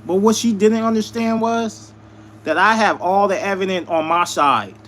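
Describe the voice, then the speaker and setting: Male live streamer, high voice, venting and repeating himself for emphasis, faint background hum. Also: moderate pace, fairly bright tone. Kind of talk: venting storytelling to viewers.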